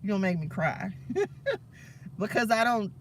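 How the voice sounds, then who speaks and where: Man, high-pitched, fervent, preachy, casual live-stream host. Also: fast, fairly bright tone, slight background noise. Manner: fervent and preachy, often addressing viewers as y'all.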